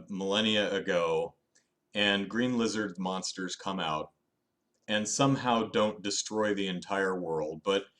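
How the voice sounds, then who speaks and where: Male host, low voice, offhand live-stream review, wry, self-deprecating, animated in spurts. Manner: frequent restarts and fillers, animated bursts.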